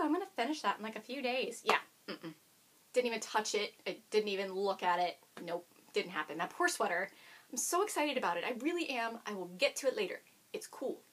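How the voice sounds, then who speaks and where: A woman's voice: medium pitch, a bit bright, breathy edge. A woman hosting a knitting video podcast, chatting casually and bubbly to the camera and talking to her dog now and then.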